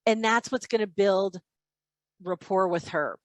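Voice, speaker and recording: A woman leading a live online sales training session, in an energetic and chatty teaching manner over a video call. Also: medium pitch, a little slow, dry recording.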